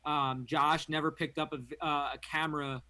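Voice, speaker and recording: Young man, company founder, enthusiastic, casual interview talk, slightly high voice, dry sound. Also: level tone, moderate pace, bright, forceful tone, no room sound. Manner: upbeat, enthusiastic, filler-heavy. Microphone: remote stream.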